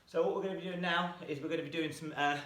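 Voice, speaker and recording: A man's voice: on the high side, fairly even intonation, very fast, a bit bright. A man teaching a home exercise lesson, counting out jumps while doing them and getting out of breath. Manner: counting reps aloud while jumping. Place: small room at home. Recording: echoey room, mic far off.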